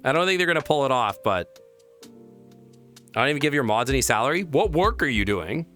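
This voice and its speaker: A playful young man talks loosely on a live stream, rambling through viewer messages. His pitch bounces all over the place and keeps jumping into squeaky high exclamations. Faint music plays underneath. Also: big pitch swings, brisk, fairly bright tone. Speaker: VRChat streamer.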